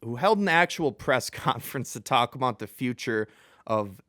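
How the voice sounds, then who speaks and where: A man hosts a casual sports talk show in a rambling, self-deprecating way, often chuckling mid-sentence. His voice sits at an ordinary middle pitch and has a smooth, resonant tone. It is recorded dry and close, with no room sound. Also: lively intonation, normal speed, sharp tone, dry recording.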